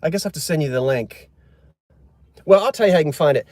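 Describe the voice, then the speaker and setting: A man's voice: on the high side, animated, fast, darkish tone, dry recording. A man chatting casually on a live stream, joking and answering viewer comments. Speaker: livestream host.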